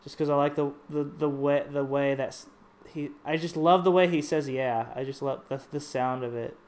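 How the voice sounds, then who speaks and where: A man chatting casually while painting a pinball playfield, low-key, rambling and often cutting himself off mid-sentence. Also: fairly even intonation, normal speed, a little mellow. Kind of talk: casual chat while working.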